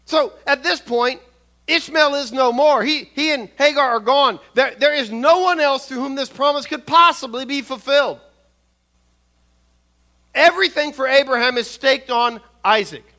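An older man preaching a sermon on scripture, measured and earnest, often restarting his words and adding soft asides. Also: extremely high pitch.

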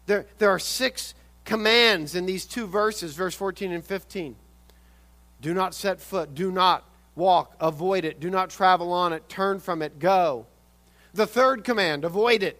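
A man preaching a sermon, swinging from loud urgent emphasis to quiet intensity and often repeating words. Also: high-pitched. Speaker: pastor.

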